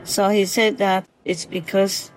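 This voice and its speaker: A woman talking gently and affectionately at night outdoors near a forest, full of blessings. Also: medium pitch, flat delivery, unhurried, faint music behind, poor audio. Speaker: vlogger. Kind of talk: soft spoken night-time monologue.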